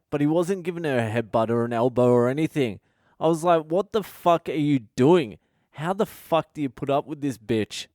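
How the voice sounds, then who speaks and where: A man's voice: mid-range voice, darkish tone, no room sound, clean studio sound. A man hosting his own podcast, telling a rowdy story in a blunt, foul-mouthed rant. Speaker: podcast host. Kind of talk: casual storytelling monologue.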